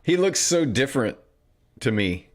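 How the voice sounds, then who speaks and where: A man's voice: medium pitch, big pitch swings, a little slow. A man hosting a trading live stream, chatting casually and reading viewer comments in a rambling, offhand way. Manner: rambling, offhand, self-correcting.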